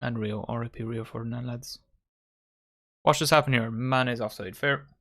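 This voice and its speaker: Male watchalong host, mid-pitched, casual chatty play-by-play with banter. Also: fairly even intonation, moderate pace, gravelly, fairly bright tone. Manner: chatty, banters with friends and viewers. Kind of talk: casual live match commentary.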